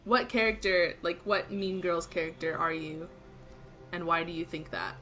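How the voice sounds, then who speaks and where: A woman's voice: lowish voice, steady tone, moderate pace, sharp tone, faint music behind. A woman co-hosting a game stream, giggling often and giving the player directions in casual chat.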